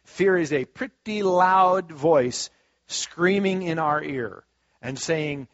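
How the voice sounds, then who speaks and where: Preacher guy, folksy and chatty, slightly high voice, kinda muffled dry recording. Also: slow, dry recording. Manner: folksy and conversational, acting out quoted voices; swings from soft asides to loud emphatic stretches. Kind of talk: sermon. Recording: dull, dry lo-fi sound.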